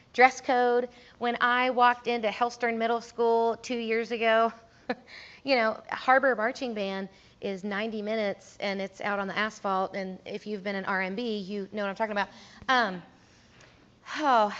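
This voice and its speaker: A woman's voice: on the high side, a bit bright. A young woman, a music teacher giving a casual conference talk, chatty, laughing often and acting out quotes. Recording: dull, lo-fi room recording.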